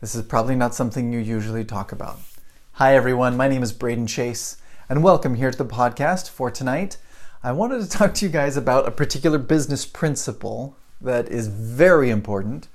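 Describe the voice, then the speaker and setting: Animated male podcast host telling a story. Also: medium pitch, brisk. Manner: animated, chuckles often, asks rhetorical "right?". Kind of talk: casual storytelling to camera.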